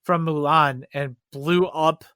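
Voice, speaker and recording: Bright-voiced man recapping a plot. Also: fairly high pitch, fairly even intonation, slow pace, no echo, studio quality. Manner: recaps plot in long run-on stretches. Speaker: podcast co-host. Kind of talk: casual chat.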